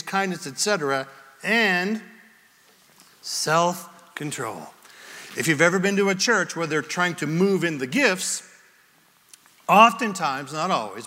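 A man's voice: high-pitched, sharp tone, in a large hall. A man preaching as a pastor, telling a story with acted-out quotes. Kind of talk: sermon.

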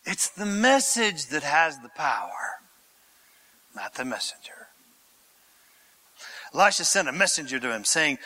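Man preaching a sermon, high lively voice, slow and dramatic. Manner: animated, theatrical, conversational preaching. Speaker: pastor.

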